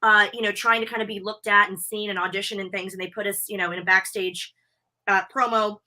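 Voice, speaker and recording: An American woman guesting on a wrestling podcast, gushing through stories in an excited, chatty way over a video call. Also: medium pitch, fairly quick. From United States. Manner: bubbly, gushing storyteller. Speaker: wrestling interviewer and convention host. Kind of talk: excited casual interview chat.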